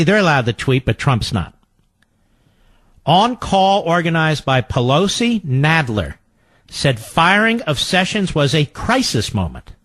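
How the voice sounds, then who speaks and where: A fired-up male talk radio host with a fairly high, wildly swooping voice, recorded close and dry in a studio. He is sarcastic and combative, and he mocks opponents by mimicking them. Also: a bit bright, no echo.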